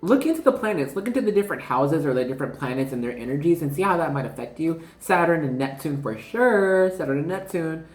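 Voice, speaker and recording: A woman's voice: low voice, lively intonation, fast talker, few pauses. A woman giving a casual spiritual card reading, rambling and slangy, constantly talking to her viewers as "you guys.". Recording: roomy echo.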